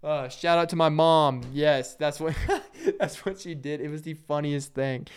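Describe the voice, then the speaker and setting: A young man hosting a solo podcast, telling rambling, self-deprecating stories in a casual way and acting out loud quotes. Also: on the high side, fairly even intonation, measured pace, clear, resonant tone. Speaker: podcast host.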